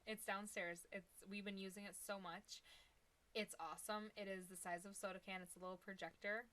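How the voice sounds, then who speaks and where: A woman's voice: medium pitch, little pitch movement, fairly quick, a bit bright. Young woman, Upper Midwest accent, chatty, laughs easily, live shopping host. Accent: Upper Midwest American. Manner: chatty, giggly, talks to chat viewers. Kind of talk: casual live stream chat.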